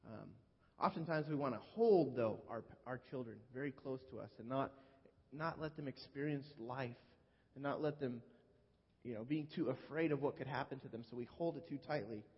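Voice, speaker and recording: A man preaching a sermon in a relaxed, conversational way, often restarting his sentences. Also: mid-range voice, normal speed, slightly rough. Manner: conversational, with frequent restarts and fillers. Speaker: pastor. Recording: dull lo-fi recording in a reverberant hall.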